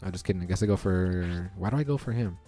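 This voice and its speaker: Excitable young man narrating his gameplay. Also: low-pitched, fast. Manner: excitable, reacts loudly to dice rolls. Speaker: gaming commentator. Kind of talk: casual gameplay commentary. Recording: faint background music.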